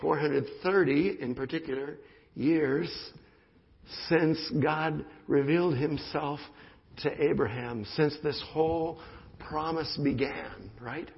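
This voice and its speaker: A man preaching a sermon in an animated style, often asking his listeners "right?" as he goes. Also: on the high side, takes it slowly, creaky. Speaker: pastor. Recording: muffled sound in a reverberant hall.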